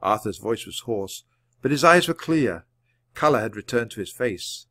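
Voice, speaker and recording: A man reading a children's book aloud at a clear, measured pace. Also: mid-range voice, lively intonation, a bit bright, no room sound. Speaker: storybook reader.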